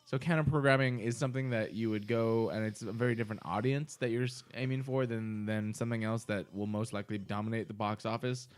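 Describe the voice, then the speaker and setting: A young co-host on a drinking podcast trades casual banter, loose and tipsy, swearing and laughing often. His voice is on the low side, clear and resonant, with a steady tone. He talks quickly, with few pauses.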